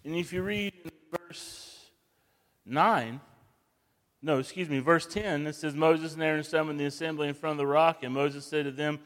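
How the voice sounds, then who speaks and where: A man preaching a sermon, swinging from hushed, slow passages to loud, emphatic bursts. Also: fairly high pitch, steady tone. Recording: long reverb of a large hall.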